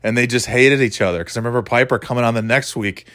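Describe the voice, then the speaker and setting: A man's voice: mid-range voice, fast talker, fairly bright tone. Rambling, profane man chatting solo. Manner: rambling, profane, laughing often. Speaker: podcast host. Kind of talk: casual solo chat.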